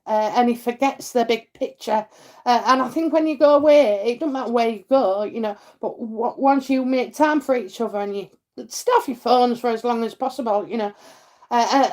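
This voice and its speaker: A middle-aged woman with a Yorkshire accent, hosting a live psychic stream and chatting warmly with viewers between comments, full of fillers and endearments. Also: fairly high pitch. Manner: chatty, many fillers, laughs, calls people darling and lovely. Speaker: psychic reading host.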